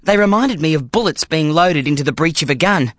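An audiobook reader narrating a children's story in the first person with dramatic, expressive delivery. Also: mid-range voice, a little fast, no echo, studio quality. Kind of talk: scripted narration.

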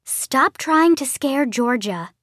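A woman reading an audiobook, voicing a patient and gently worried mother who speaks in a calm, motherly way. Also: high voice, takes it slowly, no echo, clean studio sound, pitched above the performer's own voice, full character voice.

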